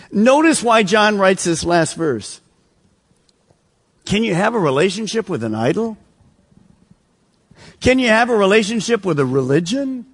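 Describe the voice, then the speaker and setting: Husky-voiced preaching man. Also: high-pitched. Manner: emphatic preaching, rhetorical questions, drops to soft earnest appeal. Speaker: pastor. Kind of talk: sermon. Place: church sanctuary.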